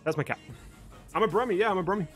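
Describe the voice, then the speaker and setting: Faint music plays behind a young man hosting a live stream, his voice high, husky and a bit bright as he races along. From Birmingham, England, he has a mostly neutral British accent and chats with viewers, thanking them while reading the chat.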